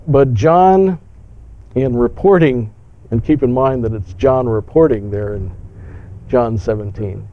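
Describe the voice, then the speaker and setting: Guy preaching a sermon, mellow dark voice, kinda dull lo-fi sound. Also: medium pitch. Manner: emphatic, rhetorical questions.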